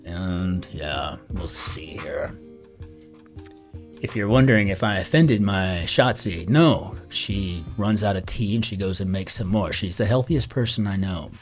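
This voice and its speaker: A man's voice: low voice, animated, measured pace. A middle-aged man solving a crossword aloud as host, chatty and rambling, muttering the clues half to himself. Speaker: crossword solver and channel host. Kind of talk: casual think-aloud puzzle solving. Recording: soft guitar music underneath.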